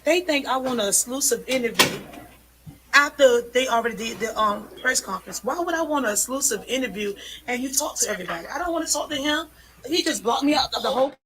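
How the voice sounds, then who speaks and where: A woman's voice: sits high, expressive, quick pace, fairly bright tone, slight background noise, low-quality recording. Insistent woman vlogger, raised voice. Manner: emphatic and insistent, voice often raised. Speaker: citizen reporter. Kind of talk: live-streamed street vlog.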